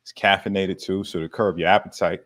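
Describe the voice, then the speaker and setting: A man's voice: deep voice, steady tone, brisk, fairly bright tone. A man hosting a casual livestream Q&A about fitness, with laid-back slangy banter, frequent laughs and casual swearing. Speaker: fitness coach hosting a live Q&A.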